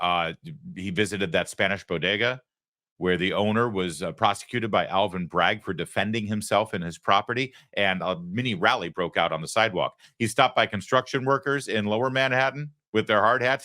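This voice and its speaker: A man's voice: lowish voice, pushed and bright. A man hosting a political commentary show, talking in an emphatic, sarcastic way.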